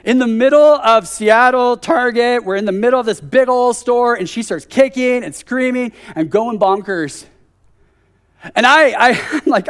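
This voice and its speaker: A man's voice: extremely high pitch, moderate pace, fairly bright tone, smooth. A man in his thirties preaching a conversational sermon at a church service, telling a story with joking asides.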